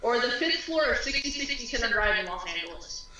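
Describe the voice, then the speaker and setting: A podcast co-host making wry quick asides in casual chat. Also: mid-range voice, big pitch swings, sharp tone. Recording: echoey room, mic at a distance.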